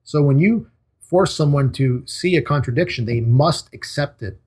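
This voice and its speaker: A man speaks as a guest in a casual interview. His voice is husky and sits a little high. He talks emphatically, in short punchy sentences. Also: moderate pace, darkish tone.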